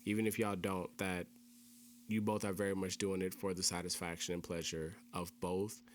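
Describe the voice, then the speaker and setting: A man's voice: low voice, flat delivery, moderate pace, a little hiss or hum. A young man hosting a casual podcast chat, explaining things earnestly and repeating key phrases for emphasis. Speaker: podcast host.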